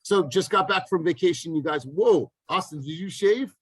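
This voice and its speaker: A man's voice: high voice, normal speed, breathy edge, no echo, poor audio. A man in his thirties, a business coach leading a group call over video, telling stories with energy and acting out the voices of people in them. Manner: energetic storytelling with lively acted-out quotes.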